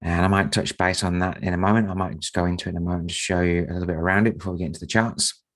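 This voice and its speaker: A man hosting a live trading webinar, croaky from a sore throat and speaking softly to save his voice. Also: low-pitched, fairly even intonation, racing. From Australia. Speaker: market strategist and trading mentor.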